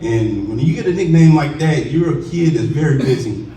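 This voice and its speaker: A man in his forties from Texas giving a heartfelt, halting acceptance speech at a ceremony, choked up with emotion and often restarting his sentences. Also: medium pitch, expressive, dark tone. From Commerce, Texas. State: emotional, voice choking up. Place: school cafeteria at a ceremony. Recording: roomy, distant, faint background hiss.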